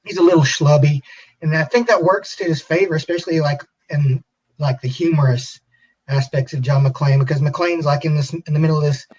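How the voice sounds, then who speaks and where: A man's voice: a little high, steady tone, brisk, a little mellow, slightly rough. A man on a podcast panel giving his view of a movie, hesitant and thinking aloud with many fillers. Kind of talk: casual movie review chat. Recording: distant, muffled lo-fi mic.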